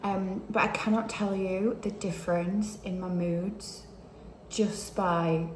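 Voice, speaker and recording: A woman's voice: medium pitch, fairly even intonation, slow, a little hiss or hum. Chatty woman in her thirties. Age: 30s. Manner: chatty, emotional, drops to a hushed near-whisper at times. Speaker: vlogger. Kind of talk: casual diary vlog. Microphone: handheld camera.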